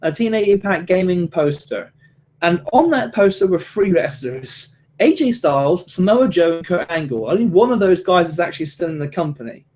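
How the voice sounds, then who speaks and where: A man's voice: high-pitched, sing-song, normal speed, a little mellow. A man hosting a solo podcast, rambling and swearing, with many restarts. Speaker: podcast host. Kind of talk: solo casual podcast rant.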